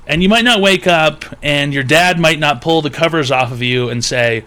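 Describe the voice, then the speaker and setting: A man's voice: a little high, normal speed, hardly any pauses, bright, forceful tone. A man hosting a livestream advice show, mocking his chat in a crude, rambling comedic rant.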